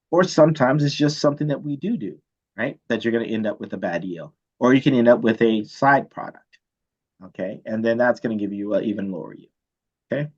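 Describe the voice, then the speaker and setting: A man teaching chemistry, telling a story from his student days in a casual, animated way and checking in with "right?" often. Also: lowish voice, muffled recording. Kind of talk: storytelling lecture.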